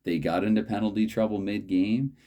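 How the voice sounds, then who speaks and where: A man hosting a solo tabletop hockey card game, calling the plays in a halting, dry play-by-play way. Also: fairly low pitch, fairly even intonation, mellow.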